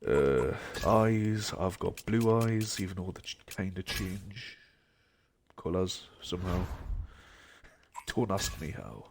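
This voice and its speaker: Slow, mumbling young male game streamer. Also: low voice, creaky, slight background noise. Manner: rambling, mumbling asides to himself. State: unwell. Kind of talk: casual gaming stream commentary.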